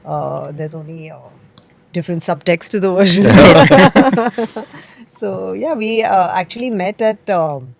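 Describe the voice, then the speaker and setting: A woman's voice: fairly low pitch, takes it slowly, gravelly, no echo. A woman, an actress guest in a podcast interview, speaking hesitantly with many fillers. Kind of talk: casual interview chat.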